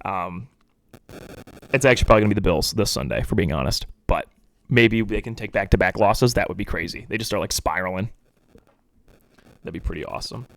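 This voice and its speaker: A young man hosting a casual solo sports podcast, rambling and animated, sometimes mocking pundits in impressions. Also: low-pitched, a little fast, long pauses, no room sound. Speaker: podcast host.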